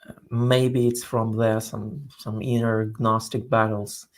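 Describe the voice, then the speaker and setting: A man speaking as a guest in a scholarly interview, explaining in a halting way as he searches for words. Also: fairly low pitch, flat delivery.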